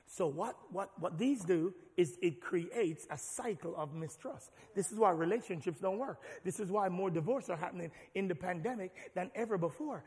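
A man preaching a sermon as pastor, animated and rising to shouts. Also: high voice. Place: large church hall. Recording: long hall reverb.

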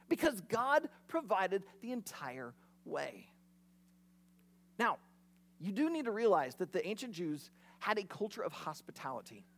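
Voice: mid-range voice, sing-song, moderate pace, fairly bright tone. A pastor preaching a sermon in a conversational, storytelling way.

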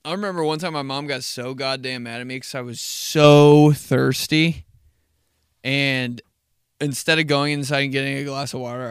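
A man's voice: mid-range voice, a bit bright, smooth, dry recording, studio quality. A young man hosting a podcast, telling rambling, profane, comedic stories and laughing at himself. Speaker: podcast host. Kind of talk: casual comedic storytelling.

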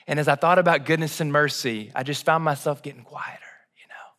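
Male pastor, high bright voice, lively conversational sermon delivery. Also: normal speed. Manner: animated, conversational storytelling.

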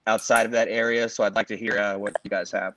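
A man's voice: fairly low pitch, fast talker, slight background noise. A man in his forties from the Los Angeles area, co-hosting a sports podcast in casual chat and telling long, rambling stories full of fillers. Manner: rambling, filler-heavy, animated storytelling. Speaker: podcast co-host.

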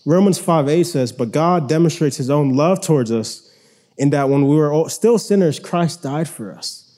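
Young male preacher, high mellow voice, casual talky sermon delivery with restarts. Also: expressive, normal speed.

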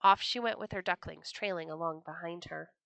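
Bright-voiced woman reading a children's story. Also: lowish voice, fairly quick, creaky, dry recording. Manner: expressive, gentle storytelling.

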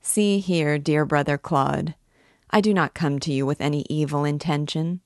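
A woman's voice: low-pitched, steady tone, normal speed, darkish tone, dry recording, clean studio sound. A woman reading aloud and voicing a coaxing, impudent young male student. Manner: coaxing, then pleading.

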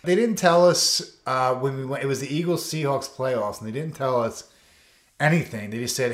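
Brief: male guest, coach, mid-pitch, spins rambling anecdotes with loads of fillers and acts out the quotes, echoey room. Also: animated, brisk. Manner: loose and rambling, full of "you know" and "like", acts out quotes. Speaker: coach and foster dad, interview guest. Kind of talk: casual storytelling in a podcast interview. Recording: roomy echo.

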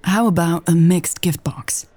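A woman's voice: on the low side, a little slow, warm tone, breathy edge, dry recording. A woman voicing a kind young shop clerk who speaks in a polite, honeyed service tone.

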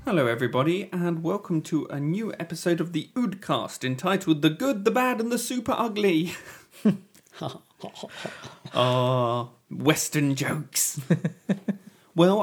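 A man hosting a podcast, joking and punning in a mock-grand way. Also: fairly high pitch. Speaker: podcast host. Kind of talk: jokey podcast banter.

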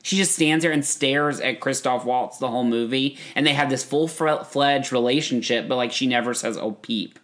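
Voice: medium pitch, moderate pace, few pauses, fairly bright tone. A podcast co-host in casual conversation, reviewing a film in a chatty way, full of "like" and acted-out quotes. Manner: chatty, lots of "like", acts out quotes. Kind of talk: casual movie-review chat.

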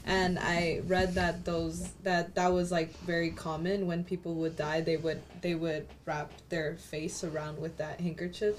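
A woman's voice: lowish voice, little pitch movement, a little slow, few pauses, a little hiss or hum. A woman in a group Bible study sharing her thoughts hesitantly, with many fillers. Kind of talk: casual group discussion.

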